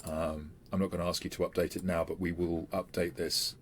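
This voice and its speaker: Low-voiced guy running a tabletop game, lots of ums, bit of hiss behind. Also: flat delivery, brisk. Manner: stop-start, chatty with many fillers. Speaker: game master.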